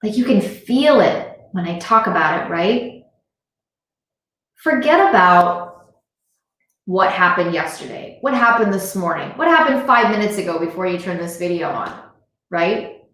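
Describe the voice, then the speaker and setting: A woman with a fairly low, slightly bright voice speaks animatedly at a moderate pace in a motivational live stream. Picked up by a device camera in a very echoey room, she talks straight to her viewers, earnest and repetitive to drive her points home.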